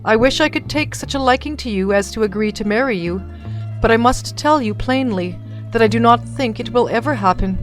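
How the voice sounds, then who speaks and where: A woman's voice: on the high side, fairly quick, faint music behind, lightly acted. A woman voicing a kind, truthful young woman who speaks earnestly and firmly. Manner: earnest, firm.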